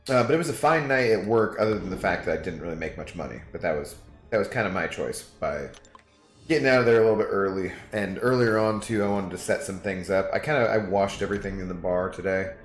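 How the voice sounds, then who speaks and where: Low-voiced man chatting on stream. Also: expressive, fast. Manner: rambling, talks to chat with fillers. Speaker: game streamer. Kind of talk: casual stream chat. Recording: echoey room, faint music.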